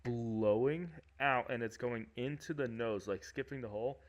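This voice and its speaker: A man's voice: mid-range voice, normal speed. Michigan guy on a podcast, rambly, lots of um and like, laughs a bunch. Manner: rambling, laughing often, many fillers. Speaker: podcast host. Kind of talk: casual chat.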